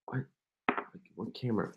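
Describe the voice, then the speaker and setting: A young man hosting a casual livestream, talking in an excitable, rambling way and reading comments aloud. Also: measured pace, highs cut off. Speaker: crypto livestream host.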